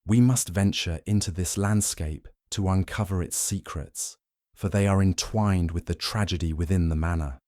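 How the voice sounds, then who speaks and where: A man voicing a fastidious older detective, speaking in a precise, probing way. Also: low-pitched, a little mellow, dry recording, studio quality, natural voice.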